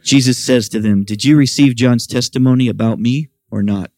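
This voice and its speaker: A middle-aged man preaches to his congregation with lively, expressive delivery. His voice sits at an ordinary pitch and jumps higher when he acts out questions. The sound is close and dry, with little room echo. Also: normal speed. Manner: animated preaching, voicing quoted questions in a raised pitch. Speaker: pastor. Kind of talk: sermon. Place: church service.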